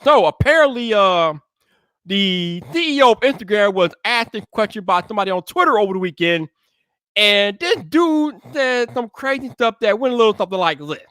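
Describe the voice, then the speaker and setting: A man hosting a tech podcast live, chatting casually with viewers and greeting them by name, then hyping his intro with shouted energy. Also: high voice, lively intonation, moderate pace, clean tone, dry recording, clean studio sound.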